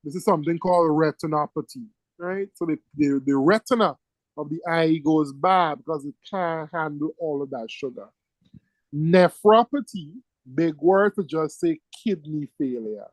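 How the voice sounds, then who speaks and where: High-voiced doctor teaching. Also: male voice, normal speed, no room sound, low-quality recording. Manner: emphatic, repeats key words, checks in with "right?". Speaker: medical lecturer. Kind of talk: exam-prep lecture to students.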